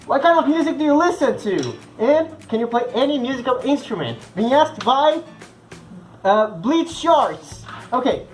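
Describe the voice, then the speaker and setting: Young guy, portuguese-speaking accent, bubbly and chatty answering fan questions, soft music in the background. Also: very high voice, animated, a little slow, poor audio. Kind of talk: casual chat.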